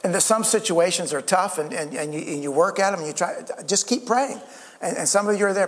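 Man preaching, high voice, earnest, stumbling restarts, long hall reverb. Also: lively intonation, fairly quick. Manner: earnest, repetitive restarts, calls for amens. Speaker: pastor. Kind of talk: sermon.

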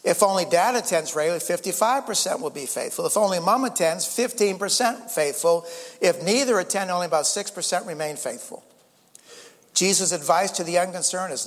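A man's voice: high-pitched, expressive, a little fast, long reverb tail. An older man preaching a sermon as pastor, earnest, often repeating words and rising for emphasis. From United States.

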